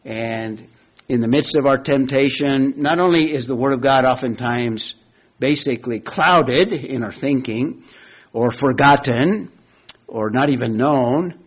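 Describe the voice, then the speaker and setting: Slow, deliberate male preacher. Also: medium pitch, slightly rough. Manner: slow, deliberate, repeats key phrases, asks the audience questions. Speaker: preacher teaching from Genesis. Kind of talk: expository sermon.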